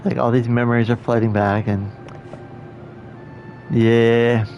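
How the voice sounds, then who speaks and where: A man's voice: medium pitch, flat delivery, slow, muffled recording, a little hiss or hum. A man streaming a game, making wry, joking asides in casual commentary.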